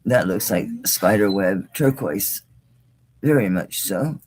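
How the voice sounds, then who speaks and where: A woman with a low voice hosts a casual live jewelry sale, chatty and exclaiming. Her pitch swings widely as she talks, and she drops in mild swearing. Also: expressive, takes it slowly, darkish tone, breathy edge. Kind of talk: casual live-stream sales talk.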